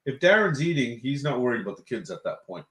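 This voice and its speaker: A man's voice: mid-range voice, sing-song, quick pace, a bit bright. Playful man in casual banter. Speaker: co-host. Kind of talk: casual chat.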